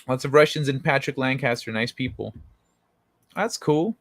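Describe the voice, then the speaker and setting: A man's voice: mid-range voice, moderate pace, fairly bright tone, no room sound. A man hosting a casual livestream chat, talking in a rambling, profane way with frequent restarts. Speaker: livestream talk show host.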